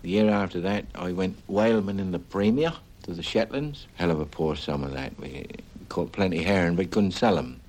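A man's voice: deep voice, normal speed, few pauses, a little mellow, low-quality recording. An older man, a retired herring fisherman, remembering hard years in a plain-spoken way and often saying "you see". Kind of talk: reminiscing interview.

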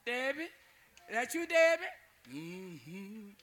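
A man's voice: very high-pitched, a little fast, pushed and bright, voice pushed up. A man voicing a frightened man who prays and begs aloud at a grave in a folk tale. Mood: timid. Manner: wailing, begging. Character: pleading, frightened young man praying at a grave.

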